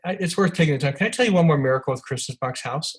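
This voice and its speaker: A man's voice: fairly high pitch, animated, racing, breathy edge, poor audio. An older man, an author, telling rambling anecdotes as a podcast guest, with many restarts and fillers. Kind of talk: storytelling in a podcast interview.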